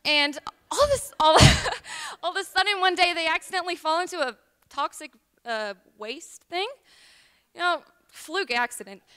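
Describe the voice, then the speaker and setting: A woman's voice: extremely high pitch, moderate pace, bright, forceful tone. A woman from Tennessee, telling a rambling tall tale at a liar's contest, full of ums. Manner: chatty, rambling, with many ums.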